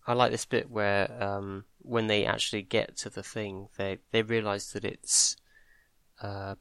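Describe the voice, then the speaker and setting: A man co-hosting a podcast, speaking in a measured way with dry remarks and reading passages aloud. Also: on the low side, little pitch movement, creaky, fairly bright tone, clear, resonant tone, no room sound. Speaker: podcast co-host. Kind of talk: casual book discussion.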